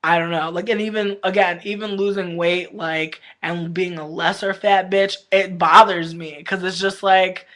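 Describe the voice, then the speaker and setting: A woman's voice: fairly low pitch, steady tone, moderate pace, hardly any pauses, a bit bright. A woman vlogger in casual livestream chat, talking candidly with lots of slang, swearing and rambling fillers. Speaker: vlogger reviewing a reality show.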